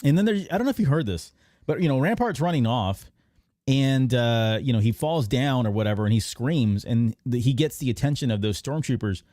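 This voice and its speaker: A man hosting a podcast, casually recapping an animated episode in a rambling way. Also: mid-range voice, a little fast, dry recording, studio quality. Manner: rambling recap with many fillers and restarts. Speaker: podcast host. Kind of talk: casual episode breakdown chat.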